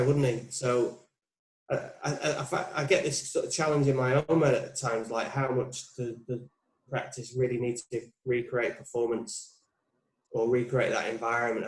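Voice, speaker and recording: Putting coach in his forties as interview guest, reflective and thinking aloud, average pitch, roomy echo. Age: 40s. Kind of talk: casual interview chat. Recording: roomy, echoey sound.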